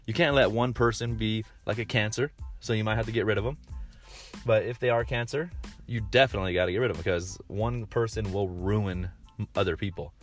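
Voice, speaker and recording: Guy in his 30s rambling about stuff, lots of like and you know, kinda low voice, faint music behind. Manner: rambling, frequent fillers and restarts, blunt with swearing. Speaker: podcast host. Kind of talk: casual monologue.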